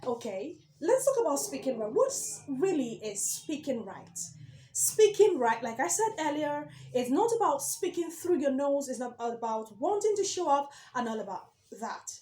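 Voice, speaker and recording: A woman's voice: high voice, big pitch swings, moderate pace, mellow, echoey room. A woman giving a speech coaching lesson to camera, emphatic, repeating key words and asking rhetorical questions.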